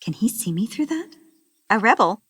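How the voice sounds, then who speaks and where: A woman reading the part of a curious, spirited young woman who is eager and lightly flustered, pitched up from her narration. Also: big pitch swings, normal speed, a bit bright, breathy edge, no echo.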